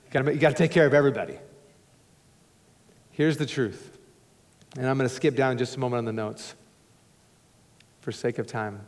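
A male pastor preaching a sermon to a congregation, emphatic and conversational with joking asides, swinging between loud urging and hushed low tones. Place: church sanctuary before a congregation. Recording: long hall reverb in a church.

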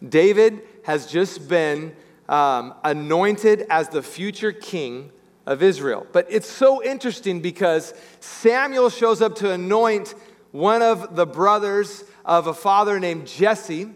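A man preaching a sermon as pastor, telling a Bible story with lively acted-out voices. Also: high voice, takes it slowly, long reverb tail. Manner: animated storytelling, acting out biblical characters.

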